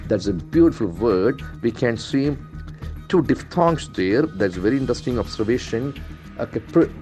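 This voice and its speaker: A man's voice: medium pitch, expressive, moderate pace, dark tone, soft background music. A man from India, an English trainer, going through newspaper headlines in a lesson, spelling words letter by letter and repeating their pronunciation.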